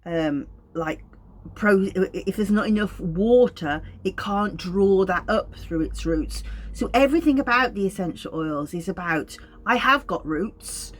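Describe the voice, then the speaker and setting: A middle-aged woman with a Wolverhampton accent, an aromatherapist explaining her practice to camera in a gentle, unhurried, thoughtful way. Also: mid-range voice. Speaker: clinical aromatherapist.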